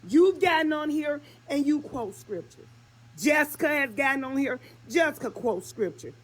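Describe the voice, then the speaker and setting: Female caller, high voice, angry and on the verge of crying. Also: lively intonation, normal speed. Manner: upset, insistent, near tears. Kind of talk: heated call-in complaint.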